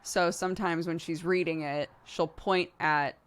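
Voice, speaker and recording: A woman's voice: fairly low pitch, fairly even intonation, a little slow. A woman streamer chatting casually with viewers, laughing easily and swearing now and then. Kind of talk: casual chat answering viewer questions.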